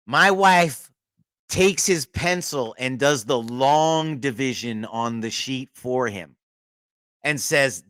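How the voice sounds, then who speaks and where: A man's voice: mid-range voice, lively intonation, slow, bright, forceful tone, no room sound. A middle-aged man hosting a podcast, telling a long story in casual chat, with frequent restarts and laughter. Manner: rambling, restarts often, laughs through the story. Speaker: podcast host.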